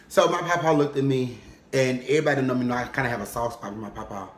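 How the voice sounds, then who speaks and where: A young man telling a funny personal story in casual vlog style, animated and comic, often checking in with "okay?". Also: medium pitch, fast talker. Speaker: vlogger. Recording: roomy echo.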